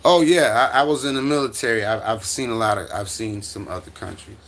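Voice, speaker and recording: A middle-aged American man hosts a casual livestream from home with his dog, reading and answering chat in a rambling way full of stammers, restarts and chuckles. His voice is fairly low, fairly bright and a little fast, with a little hiss or hum.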